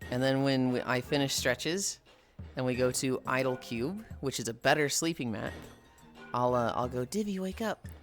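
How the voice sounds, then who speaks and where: A streamer chatting casually and joking profanely while walking and playing, launching into high put-on voices to quote people. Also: moderate pace, soft background music. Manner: animated, jumps into high put-on voices when quoting people.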